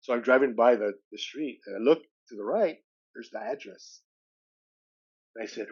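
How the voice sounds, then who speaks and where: Male guest, 60s, mid pitch, lively storyteller, slightly dull sound. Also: normal speed, gravelly, long pauses. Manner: lively retelling with acted-out dialogue. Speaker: podcast guest. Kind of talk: personal storytelling.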